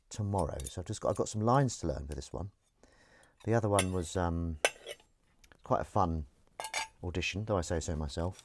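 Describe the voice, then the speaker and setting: A man's voice: low voice, noisy background. Man chatting over clattering dishes. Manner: chatty, self-aware, jokey. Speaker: live-stream host. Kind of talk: casual rambling monologue. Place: home kitchen at the sink. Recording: clattering dishes and cutlery behind.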